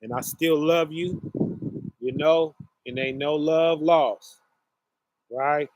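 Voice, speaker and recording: Slow-talking man chatting to viewers. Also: fairly high pitch, steady tone, darkish tone, no echo. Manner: slow, rambling, many fillers, addresses audience as y'all. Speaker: online show host. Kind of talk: casual monologue to viewers.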